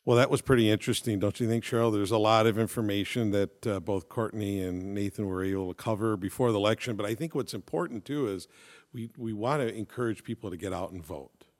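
A man co-hosts a relaxed talk show. His voice sits a little low. He chats easily and jokes as he tells a story. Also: quick pace. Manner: chatty, joking storyteller. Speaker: podcast co-host. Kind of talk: casual chat.

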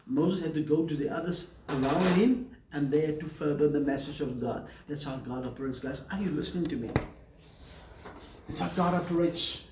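A man's voice: a little high, a little mellow, a little hiss or hum. A man preaching a sermon emphatically, calling on the congregation for amens. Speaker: pastor. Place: church hall. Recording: echoey hall from far off.

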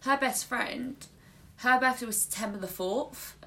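A woman's voice: a little high, unhurried, sharp tone. A young woman co-hosting a student radio show in teasing, chatty conversation. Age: young adult. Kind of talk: casual chat.

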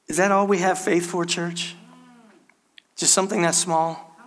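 A man's voice: high-pitched, flat delivery, measured pace, a bit bright. A man preaching a sermon, speaking emphatically and calling out to the congregation. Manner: emphatic, repeatedly addresses the congregation. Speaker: pastor.

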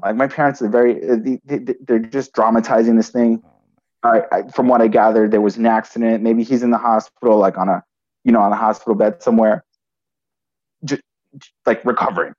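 Halting man with a mellow voice. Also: mid-range voice, dull audio. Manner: halting, frequent restarts and "right?" tags. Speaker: podcast guest telling a personal story. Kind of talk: conversational storytelling.

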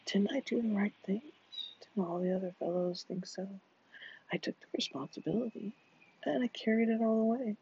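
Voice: medium pitch, moderate pace, dark tone, slight background noise, natural voice. A narrator voicing a drowsy young husband who groans his words, in a dull lo-fi recording. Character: sleepy young husband, once a football player.

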